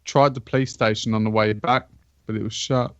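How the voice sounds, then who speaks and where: A man's voice: on the low side, fairly even intonation, fairly quick, fairly bright tone, no room sound, lo-fi sound. A man and podcast co-host telling a laid-back, sweary anecdote in casual chat.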